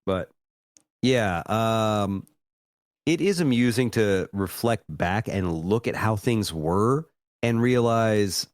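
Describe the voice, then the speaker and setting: An American man in his thirties, casually chatting on a podcast, swearing freely and mocking himself as he rambles. His pitch rises and falls a great deal as he talks, and his voice comes across dry and close, with no room sound. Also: expressive, takes it slowly, dry recording. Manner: profane, self-deprecating, rambling. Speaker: podcast co-host.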